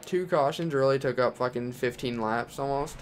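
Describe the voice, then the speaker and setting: A man's voice: mid-range voice, moderate pace, slight background noise. A young man from Texas commentating his racing game career, talking his way through the race and ranting with profanity. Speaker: gaming channel host.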